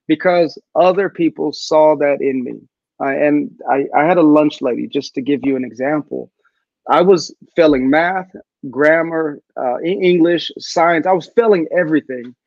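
Animated guest storyteller, a man with a higher, gravelly voice, on a dull video-call line. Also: no echo. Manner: animated storyteller who acts out quotes. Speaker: guest speaker and author. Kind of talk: storytelling interview answer.

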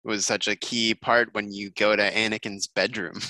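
Man, low-ish voice, bright tone, easygoing podcast co-host. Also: steady tone, moderate pace, dry recording. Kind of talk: casual chat.

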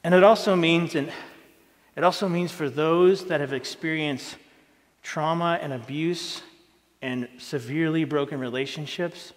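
A man preaching a sermon as a pastor, earnest and plain-spoken, rising in pitch when he presses a point. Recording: long hall reverb.

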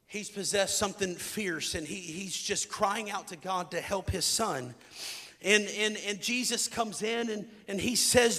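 A man's voice: high voice, a bit bright, long reverb tail. A man preaching a sermon as pastor, reading scripture dramatically with rising intensity.

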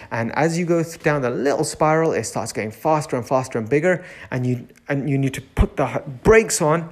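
A man who runs a nursery, giving a reflective self-help talk, repeating key phrases and lingering on words. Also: on the high side.

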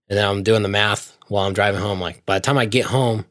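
A man with a low voice tells a story at length in a casual chat, animated and full of swearing. The sound is dry and close. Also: fast, few pauses, no echo.

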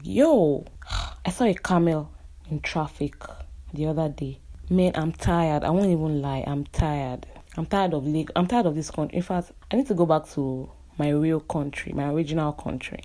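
Impassioned young Nigerian woman, low mellow voice. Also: normal speed. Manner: impassioned and indignant, repeating phrases for emphasis. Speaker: architect. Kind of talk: vlog rant.

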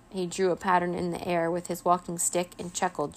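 A woman narrating a children's chapter book aloud, steady and expressive. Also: on the low side, moderate pace, hardly any pauses. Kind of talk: children's storybook reading.

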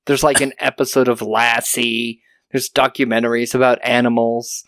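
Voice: mid-range voice, flat delivery, normal speed, no echo. A podcast host casually recapping a TV episode, telling it as a story. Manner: storytelling, acts out quotes.

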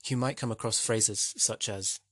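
A man with a slightly husky voice talks through a poem like a teacher, wry and conversational, often turning questions back to the listener. His voice is recorded close and dry, with no room around it. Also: fairly low pitch, steady tone, a little slow, fairly bright tone, no echo. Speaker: literature teacher. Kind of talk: explanatory lesson narration.

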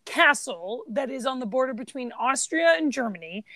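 High-voiced woman chatting in a dry room. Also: normal speed, no echo. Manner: chatty, animated storytelling. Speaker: podcast co-host. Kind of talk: casual chat about films.

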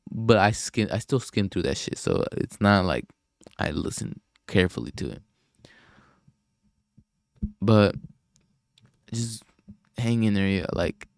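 Young male podcast host, low gravelly voice, dry close sound, loose profane self-mocking ramble. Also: darkish tone, no echo. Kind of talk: casual solo podcast monologue.

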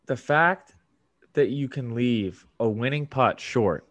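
A man co-hosting a casual sports podcast, easygoing and given to drawn-out retelling. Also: medium pitch. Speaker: podcast co-host. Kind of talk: casual chat.

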